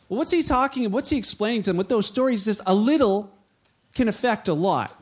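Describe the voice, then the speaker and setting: A man with a high, light voice preaches in an easygoing, conversational way. He often restarts his sentences, drops in small jokes, and brings the Bible scene to life by acting out what the figures say. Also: animated, brisk. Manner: frequent restarts and fillers, light humor. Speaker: pastor. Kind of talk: sermon.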